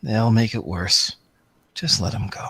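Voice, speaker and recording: A man's voice: on the low side, a little slow, a bit bright, slightly rough, no room sound, heavily acted. A man voicing a beaten woman who speaks weakly and with a quiver. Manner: weak, quivering. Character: beaten, weak woman, gentle caretaker.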